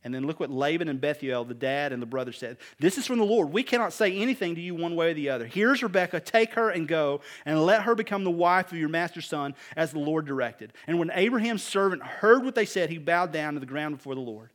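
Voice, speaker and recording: High-voiced man preaching a sermon. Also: animated, fast talker, few pauses. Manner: conversational, joking asides, rising to emphatic appeals. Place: room with a live congregation.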